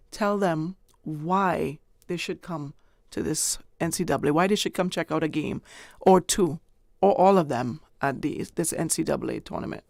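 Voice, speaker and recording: Sports radio host, mid pitch, chatty, says yeah a lot, dry close mic. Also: darkish tone, no echo. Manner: friendly, quick affirmations. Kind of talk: radio interview.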